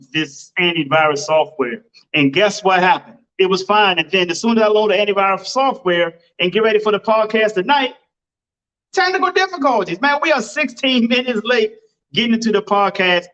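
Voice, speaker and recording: A man's voice: sits high, bright, forceful tone, highs cut off. A man hosting his own podcast, talking casually and emphatically, with lots of exclamations. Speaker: podcast host. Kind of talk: casual motivational podcast talk. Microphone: home computer setup microphone.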